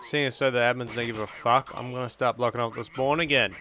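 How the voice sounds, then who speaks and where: A young man hosting crude, sarcastic gameplay commentary, mocking other players with deadpan jokes. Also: medium pitch, fast, muffled recording. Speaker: gaming video host.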